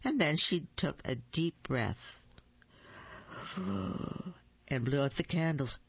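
A storyteller reads a picture book aloud, slowly and deliberately, stumbling now and then. The sound is dry and close to the mic, and the recording is dull and a little muffled. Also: mid-range voice, slightly rough, no room sound. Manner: slow, deliberate reading with small slips.

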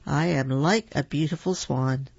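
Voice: medium pitch, measured pace, vocal fry, breathy edge, dry recording. Peppa, a boastful little piglet girl, read by a reader. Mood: proud. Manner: boastful, bright and chirpy. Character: cheerful young girl piglet. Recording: dull lo-fi recording.

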